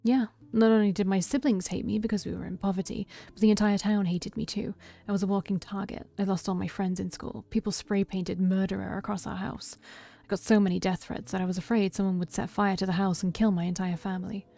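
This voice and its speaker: A woman voicing a troubled young man who confesses a past killing, read in a quiet, heavy tone with a gravelly edge. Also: medium pitch, level tone, fairly quick, hardly any pauses, natural voice. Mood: grim.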